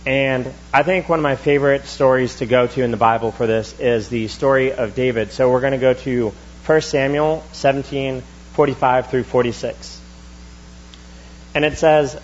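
A young man preaching a sermon in a church, in a relaxed, chatty style with quick asides. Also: mid-range voice, muffled recording, slight background noise. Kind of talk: casual conversational sermon. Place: church sanctuary.

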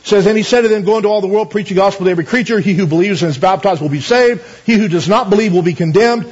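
Husky high-voiced man preaching a sermon. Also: racing, hardly any pauses, darkish tone, dull audio. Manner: storytelling, asks the congregation for amens.

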